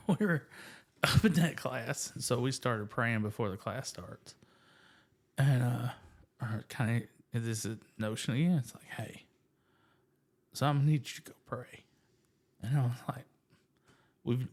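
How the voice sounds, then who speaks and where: Man telling a faith story, self-mocking. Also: medium pitch. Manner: animated, self-deprecating, filler-heavy. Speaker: guest sharing testimony. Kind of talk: casual storytelling.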